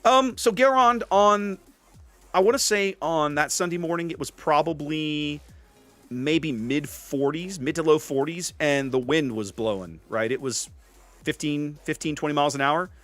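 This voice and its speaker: A man's voice: a little high, a little slow, faint music behind. A man hosting a casual gaming stream, chatting to his viewers and answering their comments as he plays. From US Gulf Coast. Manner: chatty, animated, reads chat names aloud. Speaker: streamer host.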